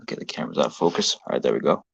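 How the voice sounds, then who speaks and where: On a casual phone live-stream from home, a man who films toy trains as a hobby rambles along and keeps correcting himself. His voice rumbles low yet is lively in intonation, creaky and husky, and he speaks rapid-fire. The audio is dull lo-fi phone sound with no room sound.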